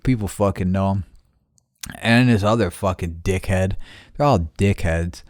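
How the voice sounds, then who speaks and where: A man hosting a podcast, telling a long, profane, animated story and acting out both sides of a support call. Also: deep voice, unhurried, no echo, studio quality. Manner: animated, swears constantly, acts out both sides of conversations. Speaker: podcast host.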